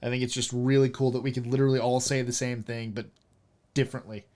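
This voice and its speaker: A man chatting casually about a game. He talks animatedly, starting sentences over and stacking fillers, at a middle pitch. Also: flat delivery, fast, darkish tone, a little hiss or hum. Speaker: role-playing game player. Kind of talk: casual chat.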